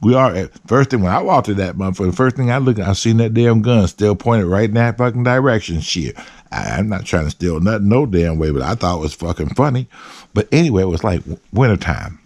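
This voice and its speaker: A man's voice: on the low side, expressive, fairly quick, a little mellow, no room sound, studio quality. A man hosts his show, telling a story in a loose, profane, slang-heavy way. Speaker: host. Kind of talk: storytelling monologue.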